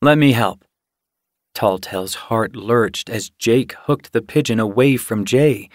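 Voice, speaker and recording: A man reading an audiobook in scripted, measured narration. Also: on the low side, dry recording, clean studio sound. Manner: measured, unhurried storytelling.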